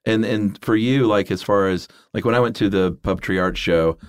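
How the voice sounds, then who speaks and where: A man's voice: on the low side, brisk, smooth, no room sound, studio quality. A man hosting a casual interview, easygoing and encouraging, with frequent short replies while his guest talks. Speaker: podcast host.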